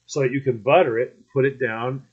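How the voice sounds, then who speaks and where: Husky man rambling through a story. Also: medium pitch, steady tone, fairly quick, muffled recording. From Maine. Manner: rambling, repeats himself, laughs while telling. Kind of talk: casual chat, storytelling.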